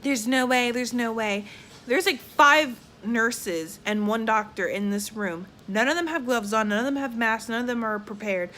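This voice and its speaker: Bright-voiced Southern woman, blunt and candid. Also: fairly high pitch, normal speed, hardly any pauses, a little hiss or hum. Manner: candid and blunt, with frequent profanity; animated, acts out quoted people. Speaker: vlogger. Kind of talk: casual storytelling.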